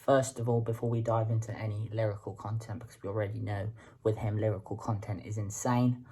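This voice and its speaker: A woman's voice: extremely low pitch, level tone, a little fast, mellow, slightly rough. A woman hosting a music reaction video, talking casually and stumbling over repeated words as she thinks aloud.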